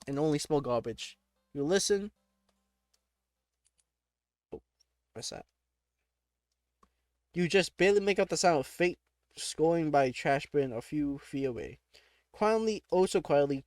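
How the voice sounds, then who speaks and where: This man's voice is a little high with a darkish tone, recorded with no room sound. He works through a text adventure, reading its text aloud, reacting casually, laughing frequently and breaking off with startled exclamations.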